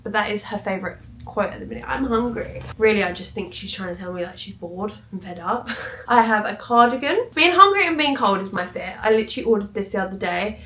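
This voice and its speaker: A woman's voice: medium pitch, animated, fast talker, fairly bright tone. A young woman, a mum, chatting casually to camera in a vlog, self-deprecating and laughing often. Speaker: vlogger and mother. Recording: echoey room, faint background noise.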